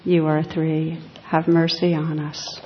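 A woman reading a humbled, gentle bishop. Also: sits low, flat delivery, takes it slowly, a little hiss or hum. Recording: echoey hall, dull lo-fi sound.

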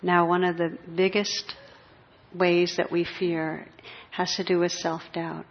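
Woman meditation teacher, lowish voice, gentle pacing, dull muffled recording. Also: level tone, slow. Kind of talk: spiritual talk.

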